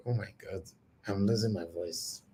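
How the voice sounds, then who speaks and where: An older man with a northern Nigerian accent calling in over the phone, speaking quietly and earnestly. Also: on the low side, normal speed. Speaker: caller. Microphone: phone line.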